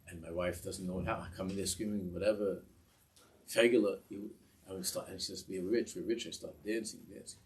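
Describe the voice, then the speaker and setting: Male rabbi storyteller, deep voice, lively sermon tale. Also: slight background noise. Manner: animated, repetitive storytelling with restarts.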